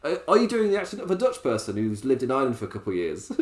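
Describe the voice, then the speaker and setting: A man talks through a wrestling show in a loose, sarcastic podcast style and laughs often. His pitch rises and falls in a lively way, and he keeps a middle-range voice. The room gives his voice a noticeable echo. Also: quick pace. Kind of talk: casual podcast review. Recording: roomy echo.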